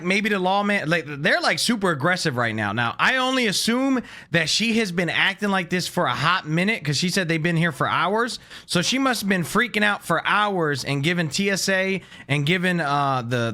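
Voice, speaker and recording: Reaction host, male, high and bright, blunt slangy commentary. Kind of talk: casual commentary to chat.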